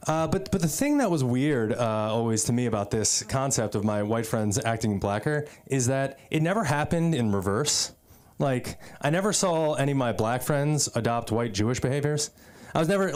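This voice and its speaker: An East Coast American man does an open-mic stand-up set on a comedy club stage, his mid-range voice slightly mellow. He rambles loosely, packing his talk with fillers and asides.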